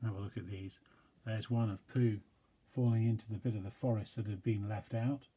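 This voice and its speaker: A man, a pastor, reading a children's storybook aloud with gentle, chatty asides to young listeners. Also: on the low side, steady tone, a little fast, breathy edge.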